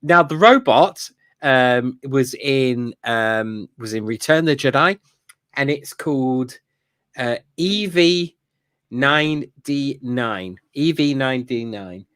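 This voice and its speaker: A podcast co-host rambles enthusiastically through a casual fan review, full of fillers and laughter. His medium-pitched voice is slow, clean, and fairly bright, recorded dry with clean studio sound.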